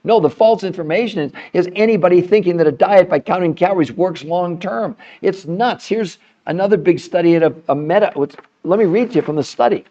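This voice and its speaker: A man's voice: high voice, a little fast, few pauses, warm tone, dull audio. A man hosting a live health stream, talking with indignation, laughing in disbelief and firing rhetorical questions at his viewers. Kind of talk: heated livestream monologue.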